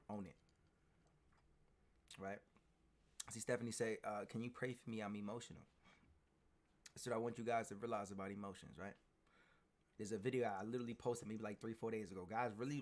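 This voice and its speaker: Emphatic male streamer with a bright edge. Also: lowish voice. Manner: preachy and emphatic, repeats words, builds to shouting. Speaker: streamer giving a motivational talk. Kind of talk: motivational pep talk on a live stream.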